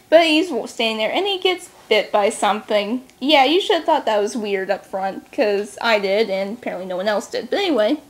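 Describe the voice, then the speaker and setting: A woman recapping a book series in a casual vlog, snarky and sarcastic, talking quickly. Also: mid-range voice. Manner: talks fast. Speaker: book reviewer.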